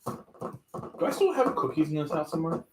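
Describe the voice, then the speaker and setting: A man's voice: fairly high pitch, big pitch swings, moderate pace, a little mellow. Guy joking around at a card game, teasing, echoey room with faint noise. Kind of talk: casual chat during a card game.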